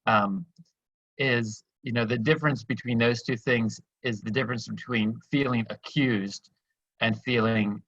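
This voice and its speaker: A man's voice: medium pitch, steady tone, normal speed, a bit bright, dry recording, dull audio. A man facilitating an online workshop, talking in a reflective, loosely phrased way with many fillers over a video call. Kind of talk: casual online workshop talk.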